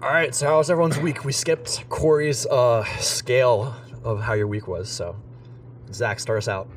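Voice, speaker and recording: A man's voice: medium pitch, steady tone, moderate pace, recorded from a distance, slight background noise. A young man co-hosting a casual podcast chat, rambling and filling his talk with "like". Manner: rambling, heavy use of "like". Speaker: podcast co-host.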